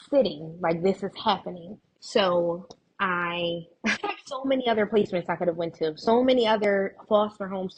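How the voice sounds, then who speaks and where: A woman's voice: fairly low pitch, dull audio. A woman guest in an interview, earnestly recounting personal experiences, restarting her sentences as she goes. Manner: earnest, tells anecdotes with frequent restarts. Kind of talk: emotional personal storytelling in conversation.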